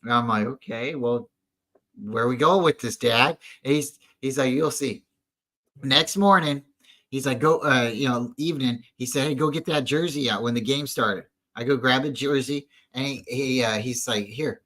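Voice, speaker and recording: Bright-voiced man telling rambling stories. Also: medium pitch, normal speed, low-quality recording. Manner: rambling storyteller, many restarts. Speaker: podcast co-host. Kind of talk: casual fan chat.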